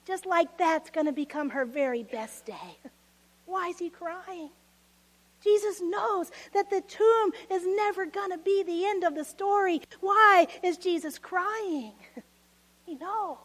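A woman preaching a sermon, expressive and laughing often, acting out voices of people from the story. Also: extremely high pitch, slow pace.

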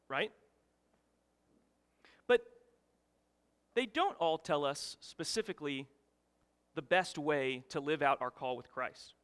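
A man preaching as a guest speaker, telling a story with lively rises in his voice. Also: on the high side. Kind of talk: sermon. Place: church sanctuary. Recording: long reverb of a church hall.

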